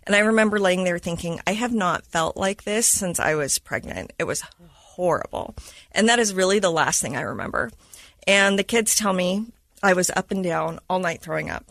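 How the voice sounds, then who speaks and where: A woman who is a mother of school-age kids, a podcast guest telling a personal story in a lively way and acting out what people said. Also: on the low side, moderate pace, vocal fry, no room sound. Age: adult mother of school-age kids. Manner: lively retelling that acts out quoted dialogue.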